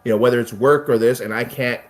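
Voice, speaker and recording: A man streaming a casual chat, animated and swearing, often mimicking other people in raised voices. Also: mid-range voice, fast talker.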